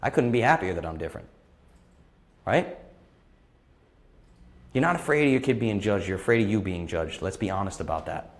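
Hosting a live-stream question-and-answer session, a man in his thirties talks with blunt passion, growing heated and repeating phrases to drive points home. His voice is low and animated, at a moderate pace broken by long pauses.

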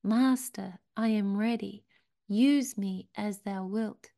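A woman voicing a gentle, devoted bamboo plant from a parable that pleads in archaic speech and sinks to a whisper. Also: mid-range voice, slow pace.

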